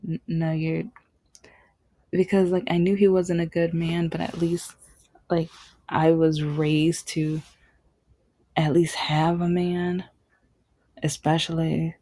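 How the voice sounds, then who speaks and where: A woman's voice: on the low side, little pitch movement, slow pace, pauses often, dark tone. A young adult woman vlogging, candidly and emphatically telling a personal story. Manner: candid, emphatic, acts out quoted dialogue.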